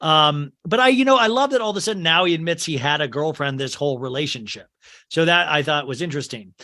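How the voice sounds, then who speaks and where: A man with a fairly high speaking voice hosts a podcast in a loose, chatty way. He hurries through retellings and stops often with ums and restarts. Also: expressive, bright, forceful tone. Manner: rambling, quick retelling with fillers. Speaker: podcast host. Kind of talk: casual chat recapping a film.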